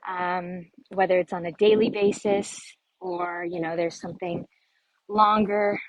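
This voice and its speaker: A woman's voice: fairly low pitch, fairly even intonation, unhurried, poor audio. A woman working as a success coach, giving an earnest motivational talk to camera and often ending her points with "right?". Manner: warm, calls listeners "sister".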